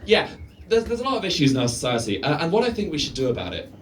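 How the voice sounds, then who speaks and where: A man's voice: on the high side, big pitch swings, quick pace, recorded from a distance, heavy background noise. A man doing a stand-up set on stage, rambling, swearing and laughing at his own jokes. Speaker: stand-up comedian. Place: live venue stage.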